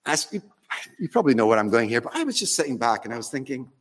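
A man's voice: medium pitch, big pitch swings, fast talker, big-room sound. A man preaching a sermon in a church, telling a story in a conversational way with fond humour.

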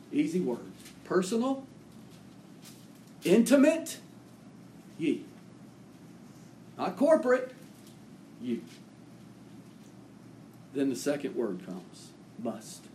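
High-voiced preacher in an echoey church. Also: male voice, mellow, slight background noise. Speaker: pastor. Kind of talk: sermon.

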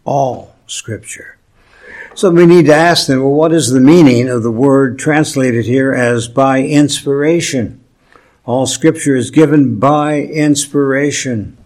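Slow, deliberate preaching man. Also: mid-range voice, darkish tone. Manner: slow, deliberate preaching with emphatic pauses and light humor. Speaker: pastor. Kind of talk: sermon.

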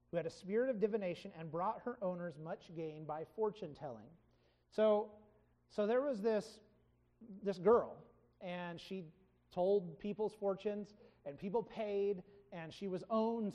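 A Bible study teacher walks through a scripture passage in a relaxed, conversational way. The speaker often stops to correct themself and retells the story in plain everyday words, at a mid pitch. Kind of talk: informal Bible lesson.

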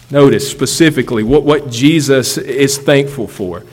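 A man's voice: mid-range voice, moderate pace, hardly any pauses. A man preaching a sermon as a pastor, emphatic, repeating key phrases for effect. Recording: long hall reverb.

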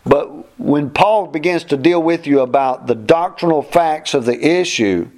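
A man's voice: fairly high pitch, unhurried, a little mellow. Emphatic plainspoken male Bible teacher. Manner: plainspoken, emphatic, repeats phrases. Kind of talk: verse-by-verse Bible class.

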